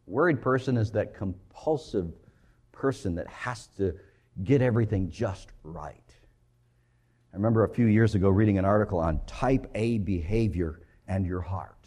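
Brief: male preacher, expressive and sing-song, storytelling sermon that swells loud then drops quiet. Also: lowish voice. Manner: animated storytelling with big swings in loudness.

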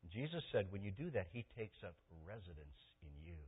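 Husky preacher man on a tinny line. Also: on the low side, sing-song, fairly quick. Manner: swings from loud impassioned preaching to soft intimate pleading. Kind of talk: sermon. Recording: tinny phone-like sermon recording.

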